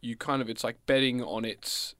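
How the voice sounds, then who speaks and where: A man's voice: medium pitch, fairly even intonation, moderate pace, pushed and bright, no room sound, studio quality. A man co-hosting a radio show, telling a rambling story in casual chat. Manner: rambling storyteller, acts out quoted voices. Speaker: co-host.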